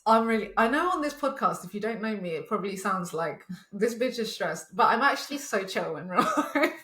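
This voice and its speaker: A woman's voice: mid-range voice, expressive, a little fast, sharp tone, reverberant. A woman in her twenties co-hosting a podcast, telling a story in casual chat with swearing and laughs. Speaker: podcast co-host.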